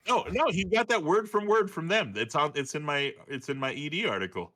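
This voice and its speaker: A man's voice: on the high side, fairly quick, sharp tone. A man in his forties chatting casually, profane and rambling, laughing between remarks. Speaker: streamer talking with a friend. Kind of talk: casual chat.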